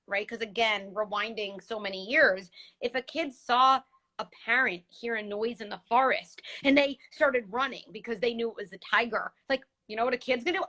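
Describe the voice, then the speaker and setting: A woman hosting a casual conversation as a parenting psychologist, explaining with lively examples over a video call. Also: on the high side, moderate pace. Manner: animated, explains with vivid examples. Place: home, recorded livestream.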